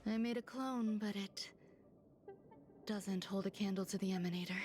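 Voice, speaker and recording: A woman reading the lines of a detached female genius scientist from a video game, speaking calmly in a soft half-whisper. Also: mid-range voice, normal speed, soft background music, lightly acted.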